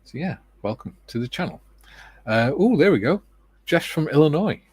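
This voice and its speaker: A man with a British accent hosting a relaxed livestream, reading viewer comments aloud and chatting casually with joking asides. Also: on the high side, normal speed, husky, no room sound. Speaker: livestream host.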